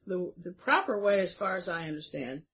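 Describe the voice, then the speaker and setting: A woman interviewing a guest in a chatty way, thinking aloud and pausing with fillers. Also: on the low side, expressive, fairly bright tone. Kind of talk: conversational interview. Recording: dull lo-fi sound.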